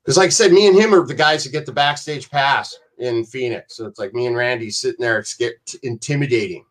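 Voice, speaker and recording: A man's voice: medium pitch, brisk, fairly bright tone. A man telling rambling, profane stories as a podcast guest, acting out other people's voices as he goes. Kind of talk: casual storytelling on a podcast.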